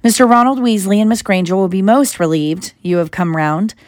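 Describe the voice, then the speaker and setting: Woman doing a gentle, wry old headmaster, soothing, close dry sound. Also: medium pitch, a little fast, no room sound, natural voice. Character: kindly elderly male headmaster, calm and wry.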